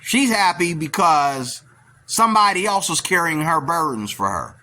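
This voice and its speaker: Male commentator, bright and sharp-edged voice, blunt rambling opinions. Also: on the high side, animated, normal speed. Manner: blunt, opinionated, keeps asking "okay?". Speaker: video commentator.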